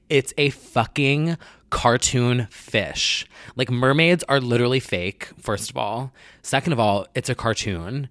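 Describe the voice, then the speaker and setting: A man's voice: medium pitch, fairly bright tone, no echo. A man ranting in a casual vlog about pop culture, sassy and exasperated, often swearing.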